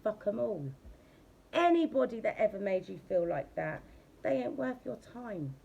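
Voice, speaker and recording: A woman's voice: medium pitch, lively intonation, moderate pace, creaky, dark tone, husky, muffled recording. A woman giving a casual tarot reading. She talks bluntly and chattily, and she swears freely. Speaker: tarot reader.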